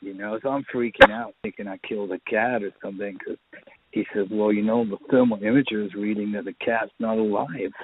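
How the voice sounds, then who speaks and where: A man's voice: fairly low pitch, fairly even intonation, brisk, slight background noise. A man, a filmmaker guest, telling rambling anecdotes in a casual interview. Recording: tinny phone line.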